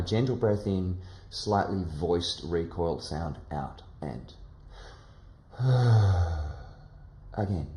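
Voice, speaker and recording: Slow, low-voiced male singing teacher. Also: echoey room. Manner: calm, gentle coaching with demonstration sighs. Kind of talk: guided vocal lesson.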